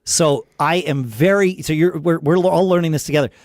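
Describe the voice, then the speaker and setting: A man's voice: fairly high pitch, moderate pace, no echo, clean studio sound. A man hosting a casual podcast conversation, thinking aloud with frequent restarts and tangents. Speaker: podcast host.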